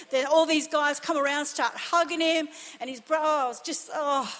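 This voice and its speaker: A woman's voice: high-pitched, fairly even intonation, normal speed, fairly bright tone. A woman pastor preaching a sermon with impassioned, emphatic delivery and repeated phrases. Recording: long reverb of a church hall.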